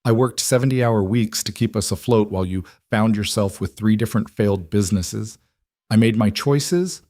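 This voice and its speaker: A man's voice: lowish voice, moderate pace, a little mellow, no room sound, studio quality, natural voice. A man voicing a wronged, weary wife who speaks in a strained, clipped way.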